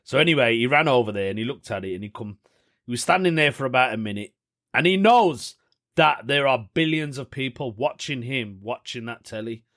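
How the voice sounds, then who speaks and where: A man's voice: mid-range voice, expressive, a little fast, a bit bright. Chatty man laughing at himself. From United Kingdom. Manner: chatty and rambling, laughs often at his own jokes. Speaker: podcast host. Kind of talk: casual solo podcast chat.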